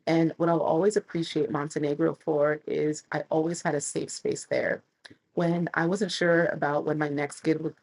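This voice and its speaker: A woman in her thirties, a travel vlogger telling stories casually, acting out quotes with big jumps in pitch. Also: poor audio. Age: 30s. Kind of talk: casual storytelling.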